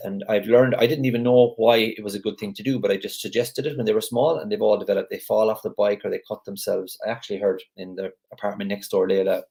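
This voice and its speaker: A man's voice: on the low side, gravelly, warm tone. A man leading a gratitude group on a live video call, talking casually in a chatty, rambling way with lots of restarts.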